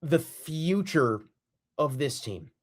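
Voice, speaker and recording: Male podcast host, fed-up solo rant, lively swinging pitch. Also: slow pace. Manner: exasperated, repetitive, emphatic.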